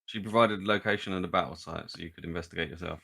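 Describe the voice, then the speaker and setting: A man playing a tabletop game, chatting casually and asking quick questions. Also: low-pitched, steady tone, creaky, sharp tone, husky. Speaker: player.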